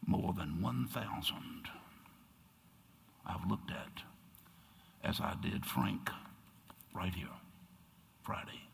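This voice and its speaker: An older man preaching a sermon as pastor, turning dramatic and dropping to hushed whispers for emphasis. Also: sits low, animated, very slow, vocal fry, long pauses, a little hiss or hum. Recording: long reverb in a church sanctuary.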